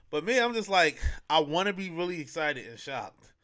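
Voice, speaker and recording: A young man tells a story in loose, slang-filled talk, wandering and circling back with plenty of fillers. His voice sits a bit high and sounds bright and forceful. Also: big pitch swings, measured pace, pauses often. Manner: slangy, rambling, with many fillers. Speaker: podcast host. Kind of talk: casual storytelling.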